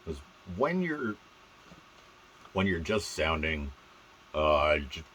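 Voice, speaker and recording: A man's voice: very deep voice, big pitch swings, slow pace, fairly bright tone, slight background noise, rough recording. A man vlogging casually about doing voices, rambling and playful with fumbling restarts.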